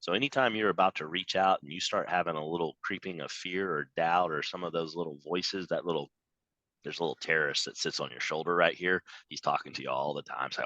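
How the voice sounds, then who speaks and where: A man giving a motivational sales training talk over a video call, emphatic and animated, acting out quoted voices. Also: low-pitched, brisk, dry recording, muffled recording. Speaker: business trainer.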